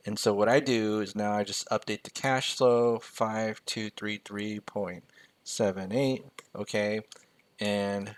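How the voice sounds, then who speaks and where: Speaking slowly in a low, steady voice, an American man walks through a spreadsheet on screen share as a personal finance mentor. He keeps it casual and jokey, saying the numbers out loud as he enters them.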